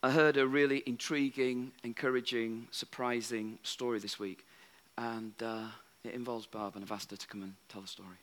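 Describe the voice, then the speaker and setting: A male pastor reads scripture aloud at a church service, at a medium pitch. His reading is measured and steady, and he then gives a short, informal introduction to the next speaker.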